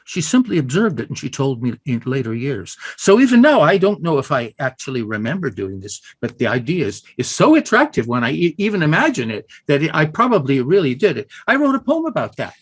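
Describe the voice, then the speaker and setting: Husky, animated male poetry lecturer. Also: a little high. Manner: halting, many fillers and restarts, playful demonstrations. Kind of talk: informal online lecture. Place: home room over video call. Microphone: video call.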